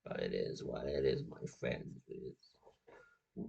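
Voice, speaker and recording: A man's voice: extremely low pitch, measured pace, creaky, mellow, slightly rough, dull audio. A nineteen-year-old man, chatting casually as a streamer, rambling and full of "like". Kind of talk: casual chat.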